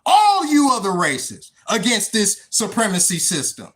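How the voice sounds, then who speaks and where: A man from the United States speaks straight to his livestream audience with no script. His pitch swings widely as he talks. He swears in nearly every sentence and often circles back over the same words. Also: huge pitch swings, measured pace, a bit bright. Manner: emphatic, swears constantly, repeats words. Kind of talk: unscripted livestream monologue.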